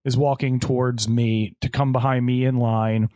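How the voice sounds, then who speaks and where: A man's voice: mid-range voice, little pitch movement, normal speed, mellow, no room sound. A man co-hosting a podcast, telling a story in casual chat and acting out the people in it. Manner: storytelling, acts out quoted people. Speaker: podcast co-host.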